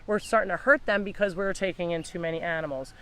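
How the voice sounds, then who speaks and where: A woman's voice: fairly low pitch, quick pace, fairly bright tone. A woman running a live video from an animal sanctuary, explaining rescues in a chatty way and talking to the animals as she goes. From New Jersey. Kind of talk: casual live-stream chat.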